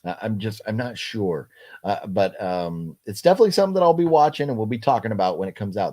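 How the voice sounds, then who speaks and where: A middle-aged man hosting a casual livestream chat, talking haltingly with many fillers and restarts while he reads out viewer comments. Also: on the low side, sing-song, dark tone. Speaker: livestream host.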